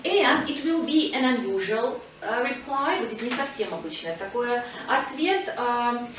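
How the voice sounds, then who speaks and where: High-voiced woman teaching a class. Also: animated, normal speed, heavy reverb, recorded from a distance, poor audio. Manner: prompting pupils, switching to Russian to explain. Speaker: English teacher. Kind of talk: classroom lesson. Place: school classroom.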